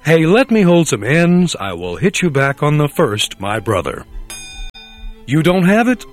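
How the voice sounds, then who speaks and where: A prim, stiff young man in a spoof ad, voiced by a man. His pitch swings widely as he recites polite phrases and then parrots street slang. Music plays underneath. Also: sing-song, unhurried. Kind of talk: mock ad narration.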